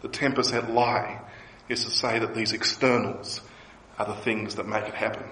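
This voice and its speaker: A man preaching a sermon as pastor, lively and emphatic. He voices the people he quotes with a rising pitch. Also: normal speed, reverberant, a little hiss or hum, low-quality recording.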